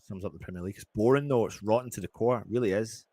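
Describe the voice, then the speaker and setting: A man with a lowish voice calls a football match live as a fan commentator. He swings between quick play-by-play and angry, frustrated rants, sometimes swearing. The delivery is casual and unscripted. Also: darkish tone, no echo.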